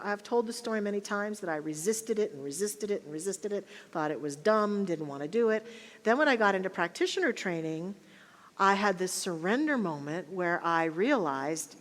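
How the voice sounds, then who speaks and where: A woman minister giving a sermon, telling personal stories in an animated, self-mocking way. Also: medium pitch. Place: church sanctuary. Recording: long hall reverb.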